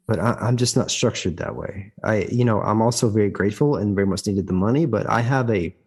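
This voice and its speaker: Man, husky, lowish voice, guest storyteller, frequent restarts, emphatic. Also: brisk, a little mellow. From United States. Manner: frequent restarts and repeated words; emphatic, heated when recounting conflict. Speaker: guest actor. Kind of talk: conversational storytelling.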